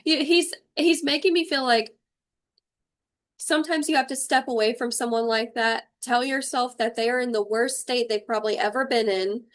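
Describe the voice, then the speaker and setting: A young adult woman with a voice pitched a little above most women's, giving a spiritual tarot reading to her livestream viewers. She speaks frankly and with strong feeling, and drops swear words casually. She is picked up by a simple streaming microphone. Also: moderate pace. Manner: emotional, blunt, swears freely. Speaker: intuitive tarot reader.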